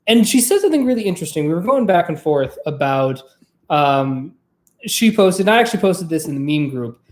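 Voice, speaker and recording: A vlog host and trained former opera singer, chatting casually to camera in a rambling, profane, lively way. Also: medium pitch, brisk, echoey room.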